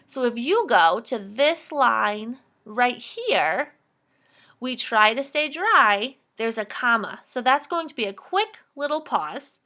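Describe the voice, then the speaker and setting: A woman teaching young children to read aloud, her voice bright and crisp. She talks clearly and warmly encourages the class, sitting a little above the usual pitch for a woman. She slows down to model each line with lots of expression. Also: sing-song. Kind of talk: reading fluency lesson for children.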